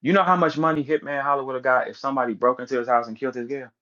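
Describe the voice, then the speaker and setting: A man's voice: mid-range voice, steady tone, racing, sharp tone, highs cut off. A man giving a casual, emphatic rant as a commentator, repeating words and acting out the people he quotes. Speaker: battle rap commentator.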